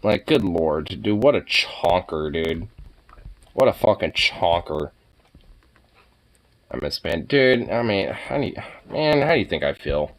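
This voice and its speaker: Lively young man, casual reaction chatter. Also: low voice, measured pace, pauses often, a little hiss or hum. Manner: laughing, swearing, exclaiming often. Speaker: streamer reacting to pet pictures.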